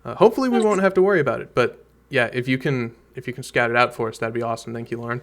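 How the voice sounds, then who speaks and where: A man's voice: medium pitch, rapid-fire. Easygoing man hosting a meeting. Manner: friendly, easygoing, encouraging. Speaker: game organizer hosting an online meeting. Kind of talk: casual meeting talk.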